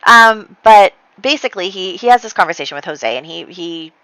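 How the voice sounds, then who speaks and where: A woman's voice: medium pitch, expressive, a little fast, fairly bright tone, clear, resonant tone, no room sound, rough recording. A young woman chattily recapping her life-sim gameplay story, rambling with fillers and restarts. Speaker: let's play host. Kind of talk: casual gameplay recap narration.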